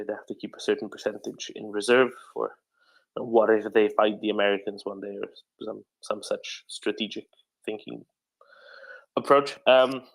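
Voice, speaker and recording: A man's voice: fairly low pitch, creaky, poor audio. A man hosting a live audio discussion, talking casually in rambling bursts with many restarts. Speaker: host of a live audio space.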